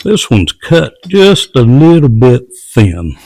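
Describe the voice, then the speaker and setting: A man's voice: mid-range voice, big pitch swings, takes it slowly, noisy background. A man casually narrating step by step as he builds garden doors at a work table. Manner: plain, matter-of-fact step-by-step talk. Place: workshop or outdoor work table.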